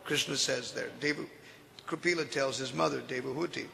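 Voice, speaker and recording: A man teaching from scripture and telling stories in an animated way, often laughing as he explains. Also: medium pitch, a little fast, creaky. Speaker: spiritual teacher. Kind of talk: scripture lecture with storytelling. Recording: echoey hall.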